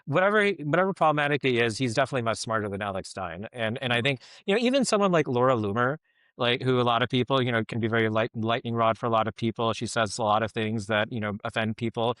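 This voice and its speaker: A man's voice: medium pitch, quick pace, a bit bright, clear, resonant tone, no room sound, clean studio sound. A middle-aged man giving casual podcast commentary, rambling and filling his talk with "like, you know".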